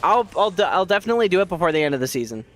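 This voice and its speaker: This gamer has a high, very animated voice with a fairly bright tone, and he races through his words. Rambling and chatty with his stream's chat, he's fighting a scratchy throat that makes him cough and clear it again and again.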